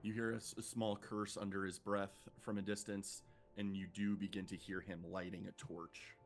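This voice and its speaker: A man narrating a tabletop game as game master, setting scenes in a measured, descriptive way. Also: fairly low pitch, level tone.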